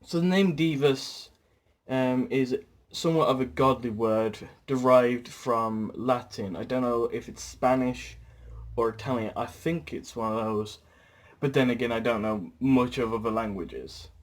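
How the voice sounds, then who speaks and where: A man's voice: mid-range voice, measured pace. A young British man talking casually to camera in a rambling, chatty vlog with fillers. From Britain. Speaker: YouTuber.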